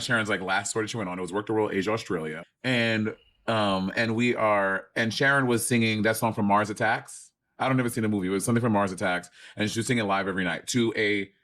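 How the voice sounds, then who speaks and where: A man's voice: on the low side, fairly bright tone. A man co-hosting a casual chat, telling stories bluntly with lots of swearing. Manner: blunt, profane storytelling. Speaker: podcast co-host.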